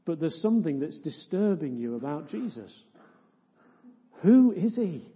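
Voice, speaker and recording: A man preaching a sermon in a church, firing off rhetorical questions and swinging between loud, impassioned stretches and hushed ones. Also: on the high side, very animated, unhurried, husky. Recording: dull lo-fi sound with long church reverb.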